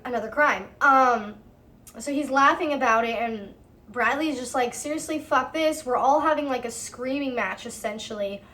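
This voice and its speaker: A woman's voice: fairly high pitch, normal speed, pushed and bright. A woman in her twenties tells a story in a vlog. She swears a lot and acts out her own side of the arguments with heat. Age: 20s. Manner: heated, profane storytelling. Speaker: storytime vlogger. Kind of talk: casual storytime narration.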